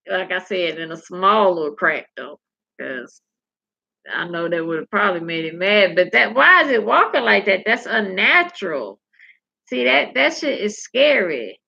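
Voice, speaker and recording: Here a livestream host speaks in a low, gravelly, expressive voice with a sharp tone, at a normal pace. She reads viewer comments, tells stories, and stays salty and candid while chatting right at her audience. The sound quality is dull and lo-fi.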